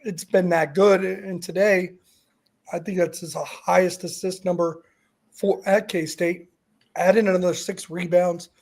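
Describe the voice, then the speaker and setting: A man's voice: sits high, steady tone, a little slow, vocal fry, darkish tone. A man co-hosting a sports podcast, giving thoughtful analysis that often trails off and restarts.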